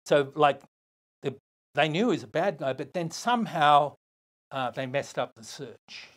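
An older man with an Australian accent, a podcast guest telling a long story in a lively, casual way, acting out other people's lines. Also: on the high side, unhurried. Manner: animated, swearing, acts out other voices.

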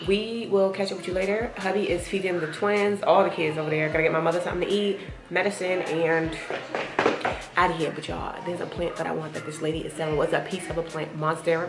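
A young woman, rambling through a casual family vlog, saying y'all a lot. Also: low voice. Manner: chatty, rambling, uses y'all. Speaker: family vlogger, mother.

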